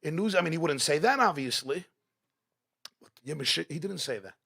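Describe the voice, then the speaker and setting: A man delivers an inspirational talk to a live audience in an event hall. His voice sits a little high and carries a husky, gravelly grain. He drives his points home with strings of repeated rhetorical questions. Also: expressive, measured pace, bright, forceful tone. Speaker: guest speaker at a religious gathering.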